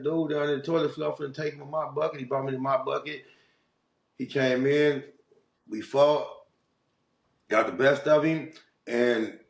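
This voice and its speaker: With a gravelly, mid-range voice, this middle-aged Los Angeles man shares his story as a guest. He's casual and streetwise, rambling with many restarts and repeated "you know what I'm saying." There's a roomy echo on the recording.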